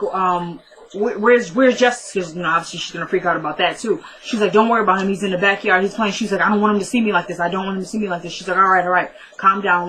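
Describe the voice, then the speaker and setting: Bright-voiced woman chatting through a recap. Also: mid-range voice, poor audio. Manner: chatty, retells dialogue with "she's like". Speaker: TV recap vlogger. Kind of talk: casual episode recap.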